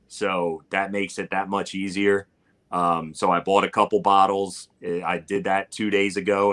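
A man's voice: low-pitched, fairly bright tone. A man talking casually as a guest in an interview, rambling with plenty of fillers as he tells a story. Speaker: barbecue cook and guest. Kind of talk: casual live-stream interview.

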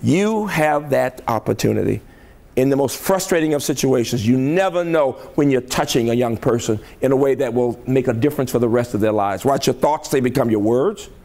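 Mid-range, brisk, creaky and a little mellow, the voice belongs to an older man from the American South. As a college president giving a motivational keynote in a conference hall, he's emphatic, rhetorical, and keeps checking in with the audience.

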